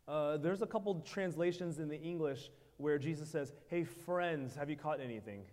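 A man preaching a sermon in short phrases, pausing so an interpreter can follow. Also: fairly high pitch, darkish tone. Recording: hall reverb.

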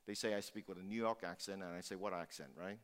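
A man's voice: low voice, steady tone, quick pace. A male pastor giving a sermon, preaching emphatically and repeating phrases for force. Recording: long hall reverb.

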